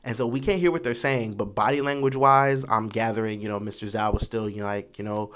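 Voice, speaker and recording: A young man in his twenties telling a school story casually, animated and full of fillers like "you know". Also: fairly low pitch, fast, few pauses, slight background noise. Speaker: vlogger.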